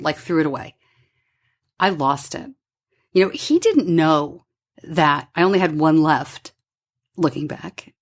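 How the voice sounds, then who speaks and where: Animated woman telling a personal story. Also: fairly low pitch. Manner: candid, animated, acts out quoted dialogue. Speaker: podcast host. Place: home studio.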